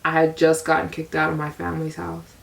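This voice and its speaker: A woman's voice: low voice, monotone, fairly quick, vocal fry. A young adult woman from the US telling a candid, rambling personal story as a vlogger, her voice a little distant from the mic. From United States. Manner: confessional, rambling, frequent repeats.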